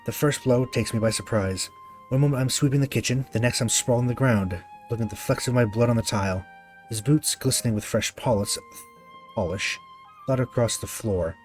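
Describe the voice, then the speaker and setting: A man voicing a troubled young man who quietly and solemnly recalls his painful childhood. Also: medium pitch, soft background music, natural voice. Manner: quiet, halting, solemn recollection.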